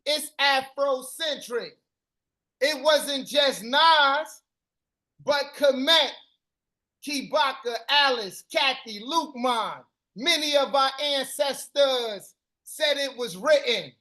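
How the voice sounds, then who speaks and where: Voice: sits high, slow, bright, forceful tone. A live-stream host performing spoken-word poetry in a rhythmic, chanted delivery with repeated refrains.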